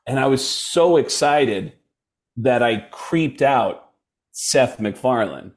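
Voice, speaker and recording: Animated male comedian telling stories. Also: mid-range voice. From United States. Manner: animated, does quick voices mid-story, laughs through anecdotes. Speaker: guest comedian. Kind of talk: casual storytelling.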